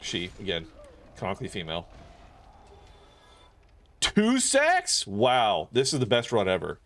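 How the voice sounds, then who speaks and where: A male streamer chatting loosely with his viewers while he plays. His voice sits a little low, and he rambles, cursing freely and filling gaps with likes and ums. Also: huge pitch swings, a little slow, fairly bright tone. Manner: rambling, profane, many fillers. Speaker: game streamer. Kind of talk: casual chat while gaming.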